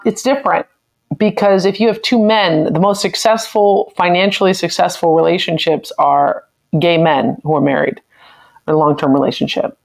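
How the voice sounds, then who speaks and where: An American woman hosting a live stream, reading viewer comments aloud and reacting to them in a chatty, opinionated way. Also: fairly low pitch. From United States. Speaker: livestream host.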